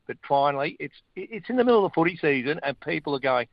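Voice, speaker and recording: A middle-aged man with an Australian accent, a guest chatting casually about sport in a blokey, animated way. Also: fairly high pitch, fast, hardly any pauses, no room sound, lo-fi sound. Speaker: guest, former rugby player and radio host.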